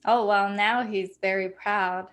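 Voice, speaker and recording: A woman's voice: medium pitch, steady tone, measured pace, a bit bright, soft background music. A woman talking as a guest in a casual interview, telling her story in a candid, heartfelt way. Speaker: guest, software company founder.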